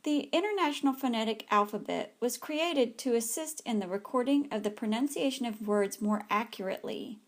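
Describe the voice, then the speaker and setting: A woman's voice: fairly high pitch, brisk, hardly any pauses. A woman, an ESL teacher, reads a scripted slide presentation carefully, with small slips.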